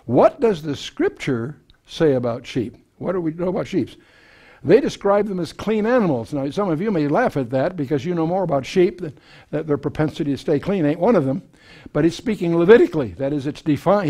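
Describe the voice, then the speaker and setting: A man's voice: a little high, dark tone. A man teaching a Bible passage verse by verse to a live audience, in a conversational way with folksy asides, frequent fillers and restarts. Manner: folksy asides and self-deprecating humor.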